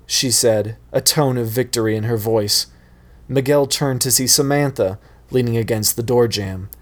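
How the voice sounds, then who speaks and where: A man reading his own fan fiction aloud in a relaxed, casual way. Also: mid-range voice.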